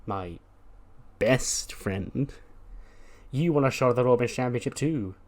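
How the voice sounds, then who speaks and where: A man's voice: medium pitch, a little slow, darkish tone, lightly acted. Guy doing bossy lady general manager, giving orders, announcing matches. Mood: commanding. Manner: commanding, announcing.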